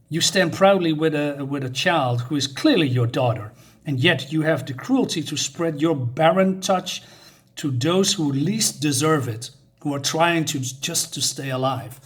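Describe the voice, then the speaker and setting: A man reading aloud the lines of a bold, grieving village wife who scolds a warrior with indignant questions. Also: on the high side. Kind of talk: reading comic dialogue aloud.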